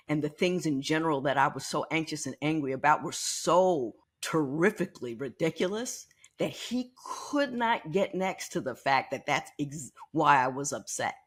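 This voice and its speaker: A woman in her sixties hosting a podcast, telling a personal story in a candid, animated way and often repeating words as she thinks. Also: low voice, breathy edge. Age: 60s. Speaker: podcast host.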